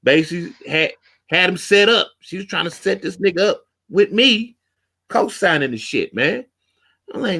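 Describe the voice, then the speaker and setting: A man hosting a casual talk show, telling a street story with lively acted-out quotes. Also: high voice, moderate pace, creaky. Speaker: podcast host.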